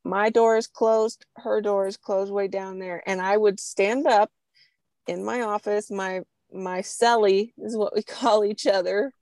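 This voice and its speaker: A woman talking as a guest in a relaxed interview, unhurried and drawn out in her delivery. She tells her stories with energy and laughs often. The sound is close and dry, with no room around it. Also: medium pitch, dry recording. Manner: lively storyteller, laughs often. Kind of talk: casual interview conversation.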